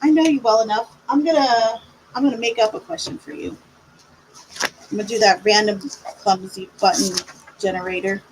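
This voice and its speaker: A woman's voice: medium pitch, fairly even intonation, normal speed, pauses often, background noise. A middle-aged woman giving live tarot readings on a stream, chatty and reassuring as she talks to viewers. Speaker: tarot reader.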